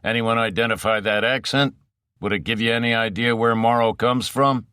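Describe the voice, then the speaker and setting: A man's voice: mid-range voice, steady tone, moderate pace, pushed and bright, clear, resonant tone, no room sound, studio quality, natural voice. A man reading the part of a senior male lawman, clipped and businesslike, firing off questions. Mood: probing.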